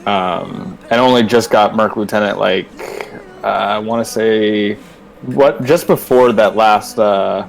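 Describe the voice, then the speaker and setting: A man on voice chat, explaining his game progress in a hesitant, halting way. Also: on the low side, steady tone, creaky, low-quality recording. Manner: hesitant, halting, full of fillers. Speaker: guest on voice chat. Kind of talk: casual chat.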